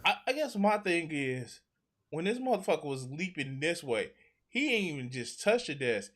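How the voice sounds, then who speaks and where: A man's voice: fairly high pitch, sing-song, normal speed, fairly bright tone. Laid-back profane male host. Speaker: show host. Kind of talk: casual reaction chat.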